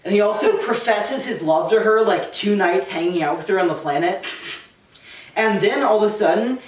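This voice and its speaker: Sarcastic man lecturing in an echoey room. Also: sits high. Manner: sarcastic, rambling, full of "like" asides. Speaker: presenter. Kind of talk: comedic casual lecture. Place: room with a small live audience. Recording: echoey room, distant mic.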